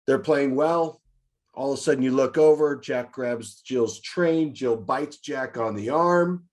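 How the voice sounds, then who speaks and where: A man's voice: mid-range voice, measured pace. A man hosting a directors' meeting, talking casually and acting out scenarios as he tells them. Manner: lively storyteller, acts out scenarios. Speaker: meeting host, childcare director. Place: online meeting.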